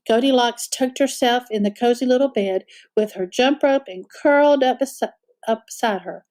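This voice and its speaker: A woman reading a children's picture book aloud as a storyteller, expressive and animated. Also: a little high, normal speed.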